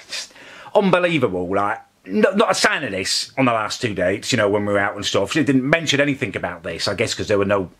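A man's voice: fairly low pitch, sing-song, fairly quick, fairly bright tone. A man ranting indignantly to camera as the host of a comedic vlog, swearing often. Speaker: vlogger host.

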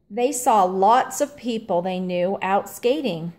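A woman reading a children's storybook aloud in a gentle, clearly paced narration. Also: medium pitch, expressive, takes it slowly. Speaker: storybook reader.

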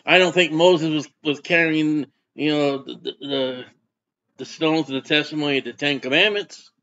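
Man, pastor, folksy sermon, asks the congregation questions, slightly high voice, lo-fi sound. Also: steady tone, normal speed, a bit bright.

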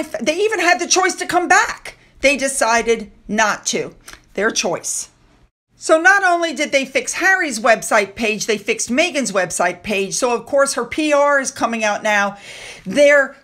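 A woman's voice: sits high, a bit bright. A woman hosting a casual commentary video, talking emphatically with opinionated, sarcastic asides. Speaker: commentary channel host.

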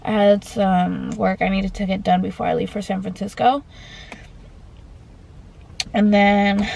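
A young woman chatting to her phone camera in a loose, rambling vlog style, short of breath as she talks. Her voice has a gravelly, fried edge, and a faint hiss sits under the recording. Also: medium pitch, a little mellow, rough recording. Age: young adult. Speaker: vlogger. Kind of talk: casual vlog chat.

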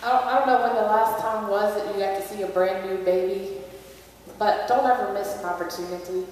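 A woman's voice: medium pitch, steady tone, brisk, a little mellow, slight background noise. A woman pastor giving a Christmas Eve sermon, telling a story in a conversational way. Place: large church sanctuary. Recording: echoey church hall, distant mic.

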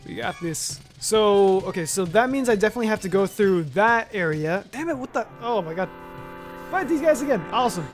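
A man's voice: high-pitched, lively intonation, a little fast. A man giving loose, chatty let's-play commentary while playing a game, talking to himself and swearing mildly. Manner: loose, chatty, with mild swearing and self-talk. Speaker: gaming video host. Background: faint game music.

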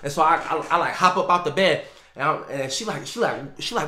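A young man casually telling a story time in loose slang, full of fillers, getting loud and animated as he relives it. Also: fairly high pitch, brisk. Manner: gets loud and animated when reliving the scene. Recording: echoey room.

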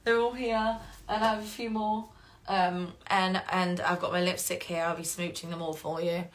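A woman's voice: fairly low pitch, little pitch movement, moderate pace. A woman with an English accent chatting casually to fans on a live-stream Q&A, rambling, swearing freely and getting emotional. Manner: gets emotional and laughs often. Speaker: voice actress hosting a fan Q&A stream.

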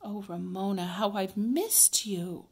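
A woman voicing a gentle, loving mother in a storybook read-aloud, soft, slow and tender. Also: mid-range voice, husky.

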